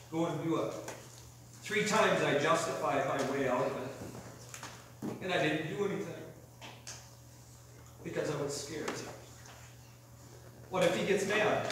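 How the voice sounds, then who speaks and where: A man's voice: fairly high pitch, recorded from a distance. A young adult man preaching a sermon as a pastor, earnest and conversational, telling personal stories. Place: church sanctuary. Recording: echoey church hall mic from afar with noise.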